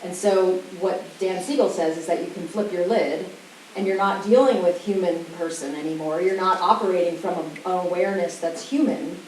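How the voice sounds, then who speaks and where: Woman, parenting talk, animated, acts out kids, roomy room, distant mic, faint hiss. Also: fairly low pitch, normal speed. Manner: animated, acts out children's voices. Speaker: parenting educator. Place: school event room. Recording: roomy hall sound from far off, faint hiss.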